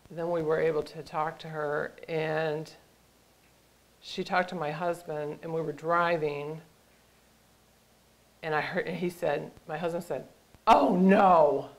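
Middle-aged woman, lowish voice, emotional personal testimony, halting, hushed at times. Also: poor audio. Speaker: guest speaker and author. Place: lecture room.

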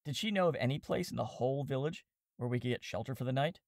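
A man narrating a classic comic novel in a steady, wry storytelling manner, voicing the characters as he goes. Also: medium pitch, quick pace, no echo, clean studio sound. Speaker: audiobook reader and podcast host.

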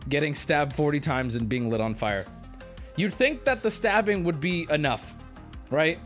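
A man streaming live, talking casually to his chat and swinging between loud outbursts and low mutters. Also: big pitch swings, normal speed, pauses often, soft background music. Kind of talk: casual livestream talk.

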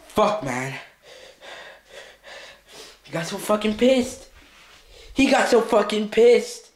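A man's voice: high voice, exaggerated voice. A man playing a volatile, troubled young man who swears constantly and rants, repeating himself, in a comedy skit, recorded in an echoey room.

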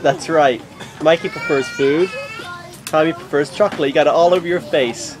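A woman's voice: low-pitched, moderate pace, a crowd in the background. A woman filming her small children at an outdoor water park on a handheld camera, cheering and coaxing them and mixing in Japanese words. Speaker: parent filming her kids. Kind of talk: home video narration. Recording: loud outdoor background noise.

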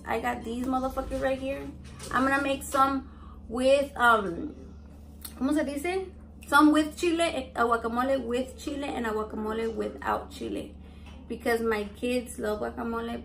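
High-pitched lady cooking at home, cussing nonstop, noisy kitchen. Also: vocal fry, fairly bright tone. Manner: brash, swears constantly, mixes in Spanish. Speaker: cooking vlogger. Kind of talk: casual cooking vlog. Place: home kitchen with family around.

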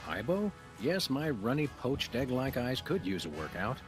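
An actor playing a dry, deadpan, formal-talking canine detective in a cartoonish video game. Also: male voice, medium pitch, normal speed, music in the background, natural voice.

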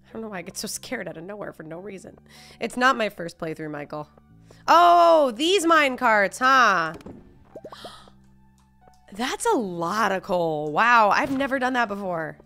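A woman streaming a video game live, jumpy and excitable, swearing and laughing as she plays. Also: medium pitch, a little fast, soft background music. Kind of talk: live gameplay commentary.

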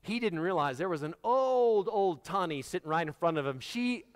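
A man preaching in a church, his voice sitting a little high for a man and trailing a long reverb through the hall. He talks in a loose, conversational way and jokes with the people in the pews. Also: lively intonation, normal speed, clear, resonant tone. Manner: conversational, joking with the congregation. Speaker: pastor. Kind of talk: sermon. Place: church sanctuary.

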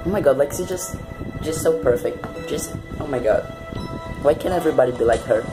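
A man's voice: medium pitch, lively intonation, a little fast, rough recording. A man reacting live to a TV episode, gushing and swearing constantly, with the show's music playing behind him. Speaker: TV reaction vlogger.

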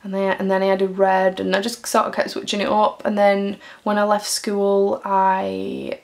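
Young woman, Mancunian accent, casual giggly vlogger with a gravelly fry. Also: medium pitch, completely flat delivery, moderate pace, darkish tone. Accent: Mancunian English. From Greater Manchester, England. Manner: chatty and giggly, reads fan questions aloud. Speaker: YouTuber. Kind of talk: casual Q&A vlog.

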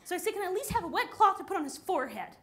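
A woman telling a personal story on a conference stage, acting out the people she quotes with lively shifts in delivery. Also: extremely high pitch, very fast. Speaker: speaker at a conference.

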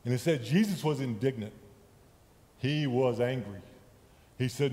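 A man's voice: mid-range voice, sing-song, moderate pace, long pauses, a little mellow. Man preaching in an echoey church. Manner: conversational, checks in with listeners. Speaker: lay preacher. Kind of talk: sermon. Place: church sanctuary. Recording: echoey church hall with long reverb.

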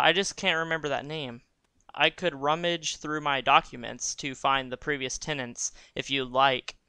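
A man's voice: fairly high pitch, bright, forceful tone, smooth, no echo. A man playing a folksy old landlady. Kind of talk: reading game dialogue aloud.

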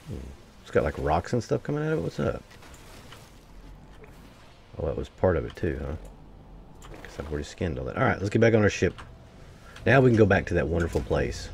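A man's voice: sits low, vocal fry, darkish tone, a little hiss or hum. A man giving casual gameplay commentary, swearing freely and grumbling to his viewers as he plays. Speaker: gameplay streamer.

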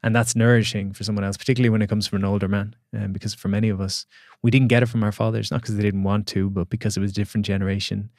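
A man's voice: lowish voice, flat delivery, very fast, few pauses, darkish tone, dry recording, studio quality. Reflective man telling a personal story. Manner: reflective, storytelling, many restarts. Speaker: podcast guest, coach. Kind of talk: casual podcast conversation.

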